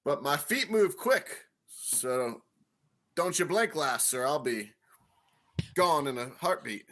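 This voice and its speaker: Guy doing a cocky short halfling, slow and bouncy. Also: a little high, expressive, fairly bright tone. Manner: cocky, playful.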